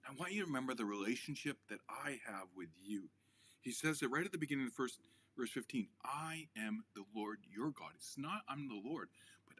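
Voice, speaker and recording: A man, a pastor, giving a short devotional sermon in an earnest way. He gets animated when he quotes people and drops to a near whisper to stress a point. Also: medium pitch, brisk, slight background noise.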